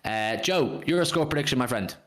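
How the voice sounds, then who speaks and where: A man's voice: medium pitch, expressive, normal speed, a bit bright. A man hosting a casual football fan livestream, reading out viewers' comments and swearing now and then. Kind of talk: casual live-stream chat.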